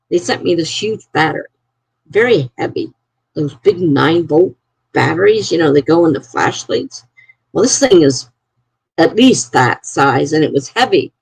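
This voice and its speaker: A woman chatting casually with her live-stream viewers from home, her voice gravelly and a little husky. She rambles through her stories in an animated, conversational way. The sound is dry and close. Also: low voice, normal speed, dry recording, poor audio.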